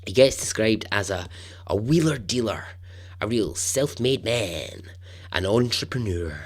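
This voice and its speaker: A man hosting a storytelling podcast, narrating in a chatty, animated way with asides. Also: on the low side, unhurried. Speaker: podcast host.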